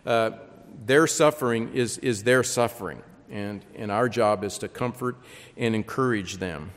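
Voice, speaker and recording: A man preaching a sermon, reading scripture aloud with lively emphasis and frequent repeated words. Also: fairly low pitch, unhurried. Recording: long reverb.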